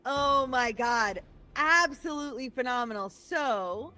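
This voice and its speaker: A woman's voice: high voice, measured pace, bright, forceful tone. A woman running a tabletop game, reacting briefly and with enthusiasm.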